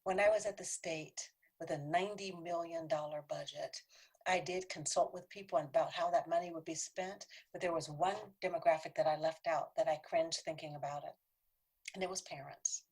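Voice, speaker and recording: A woman's voice: sits low, steady tone, moderate pace, a little mellow, husky. A woman giving an earnest, conversational training talk to a city council, sometimes dropping to a whisper for emphasis. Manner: earnest, conversational, acts out quoted voices, drops to a whisper for emphasis. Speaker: workshop presenter.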